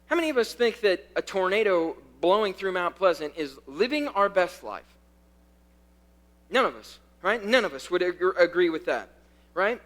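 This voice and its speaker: A male youth pastor with a high-pitched, very animated voice preaches a conversational sermon. He swings from loud, fast bursts to quiet, slow lines, repeating key phrases for emphasis.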